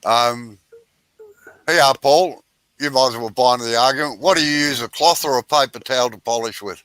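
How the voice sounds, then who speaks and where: A man's voice: mid-range voice, fairly quick, no echo, low-quality recording. Older Australian man, seventies, teasing and chatty, on a group video call. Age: 70s. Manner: joking, chatty, gently teasing. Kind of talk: casual chat.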